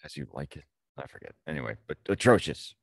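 A man co-hosting a podcast, throwing in dark jokes and short quips. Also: a bass voice, expressive, fast, creaky, no room sound, clean studio sound. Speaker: podcast co-host. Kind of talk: casual profane chat.

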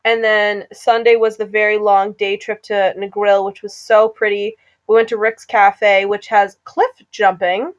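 A woman's voice: mid-range voice, flat delivery, unhurried, few pauses, highs cut off. A young woman in casual chat, recounting events in a laid-back, rambling way with fillers.

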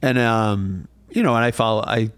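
A man talking as a company executive in a casual podcast interview, pausing often with fillers and restarts. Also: fairly low pitch, clear, resonant tone, no room sound. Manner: hesitant, many fillers and restarts. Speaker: watch company executive, guest.

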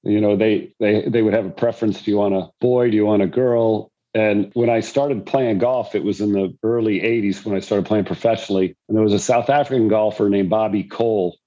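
A man's voice: fairly low pitch, fairly even intonation, fairly quick, few pauses, warm tone, lo-fi sound. An older man, a former pro golfer, telling rambling anecdotes about fatherhood in a conversation. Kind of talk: storytelling in a conversation.

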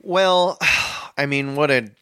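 A man co-hosting a comedy podcast, wry and hesitant with deadpan asides. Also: on the high side, takes it slowly, clean tone, no room sound, studio quality. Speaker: podcast co-host. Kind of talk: improv comedy banter.

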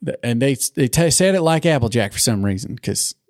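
A man co-hosting a podcast in casual chat, rambling and swearing as he recaps a cartoon episode and acts out lines in quick bits. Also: medium pitch, animated, darkish tone, dry recording, studio quality. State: has the hiccups. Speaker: podcast co-host.

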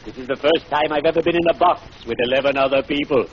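A man puts on a smooth, oily undertaker of middle years, a voice at ordinary male pitch that savours every morbid pun. He speaks in 1940s radio comedy style. The old broadcast sounds muffled and carries a steady hiss. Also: fast talker, natural voice. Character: unctuous gloomy middle-aged male undertaker.

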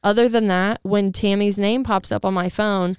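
A woman co-hosting a casual chat, telling animated stories, acting out quotes and swearing freely. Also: medium pitch, normal speed, clean tone, dry recording, clean studio sound. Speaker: podcast co-host.

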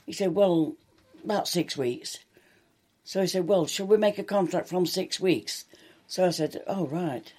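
A woman's voice: on the low side, a little slow, mellow, breathy edge. An older woman, a long-serving soap actress, chatting through anecdotes in an interview and acting out quoted dialogue. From England. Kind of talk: reminiscing interview.

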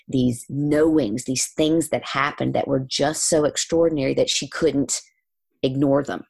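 Woman, gravelly low voice, lively storyteller who plays out the other voices. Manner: animated, acts out quoted voices. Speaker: guest, spiritual healer. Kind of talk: storytelling in conversation.

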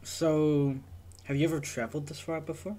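A man voicing a reserved former dock worker and navy man in a tabletop role-play, speaking haltingly and trailing off quietly. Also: fairly high pitch, level tone, faint music behind, lightly acted. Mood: friendly.

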